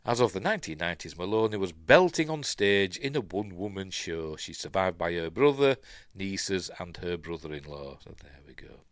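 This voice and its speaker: Chatty Yorkshire man, lively voice. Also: low-pitched, moderate pace, dry recording, clean studio sound. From Yorkshire, England. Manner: rambling, chatty, reads chat comments aloud. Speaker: live stream news host. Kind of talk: casual live stream chat reading news.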